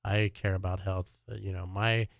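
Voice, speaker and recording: A man's voice: low voice, moderate pace, gravelly, no echo, clean studio sound. A middle-aged man from Alabama, a personal chef and podcast guest, chatting easily with lots of fillers. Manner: relaxed, chatty, many fillers. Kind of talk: casual podcast chat.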